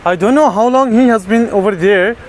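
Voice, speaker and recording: A man narrating a casual vlog outdoors as he checks on stray dogs, talking to them softly and tenderly. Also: high voice, a little fast, slight background noise. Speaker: vlogger caring for stray dogs. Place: outdoors, on a terrace.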